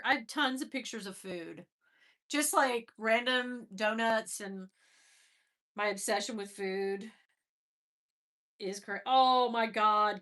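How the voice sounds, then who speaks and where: Chatty middle-aged woman, bright voice. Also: on the high side. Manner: chatty, laughing, exclaiming. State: stuffy nose after crying. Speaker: livestream host. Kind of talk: casual livestream chat.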